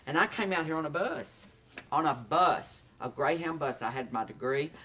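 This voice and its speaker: A man in his sixties with a Southern accent, an actor telling stories in a casual interview, animated and quick to laugh. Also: on the high side, far from the mic. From Tennessee. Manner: animated storyteller, acts out quotes, laughs often. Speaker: actor guest.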